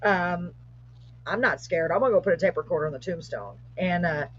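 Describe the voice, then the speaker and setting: A middle-aged woman, hosting a live show and telling a paranormal story in a casual, animated way, with rising excitement. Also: on the low side, fairly quick, breathy edge. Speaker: host. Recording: muffled lo-fi live stream audio.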